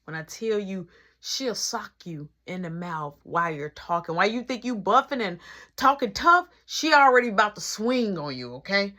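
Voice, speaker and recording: A woman telling a fight story in a casual vlog, animated and dramatic, acting out sound effects. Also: mid-range voice, moderate pace.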